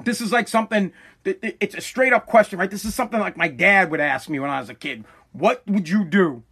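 A man's voice: sits high, quick pace, pushed and bright, breathy edge. A man from Massachusetts hosting a podcast, delivering a heated, profane monologue in a fiery, ranting manner. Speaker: podcast host.

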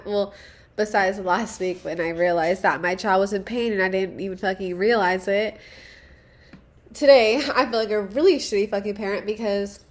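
A young woman hosting a casual solo podcast, rambling and profane, self-deprecating, with nervous laughs. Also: medium pitch. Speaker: podcast host.

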